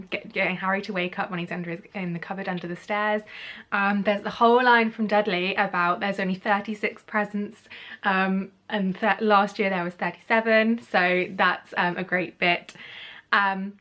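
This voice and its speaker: A woman's voice: medium pitch, fairly bright tone. Upbeat woman vlogging casually. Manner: upbeat, enthusiastic and rambling. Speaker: YouTuber comparing books and films. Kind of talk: casual chatty vlog review.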